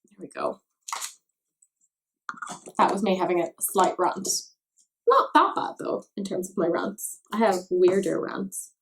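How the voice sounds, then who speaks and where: A woman's voice: on the low side, steady tone, measured pace, gravelly, long pauses, darkish tone. A young Irish woman chatting casually while doing her makeup, rambling and poking fun at herself. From Ireland. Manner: chatty, self-mocking, rambling asides. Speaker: makeup vlogger.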